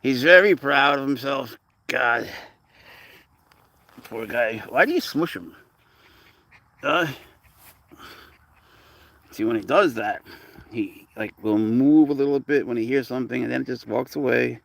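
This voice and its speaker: A man's voice: medium pitch, a little slow, creaky, pauses often, a bit bright. A man hosting a casual livestream about his pet cat, chatting to viewers with rambling asides and cooing at the cat. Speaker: cat owner and channel host.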